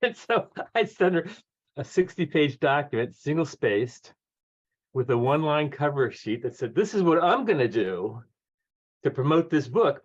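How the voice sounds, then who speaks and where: A man in his sixties, a guest author telling lively stories, acting out the voices of people he quotes and laughing often. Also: a little high, normal speed. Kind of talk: conversational storytelling. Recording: dull lo-fi audio.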